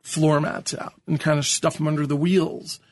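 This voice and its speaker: A man's voice: fairly high pitch, flat delivery, moderate pace. Hesitant man podcast co-host. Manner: hesitant, many ums, self-deprecating laughs. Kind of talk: casual podcast chat.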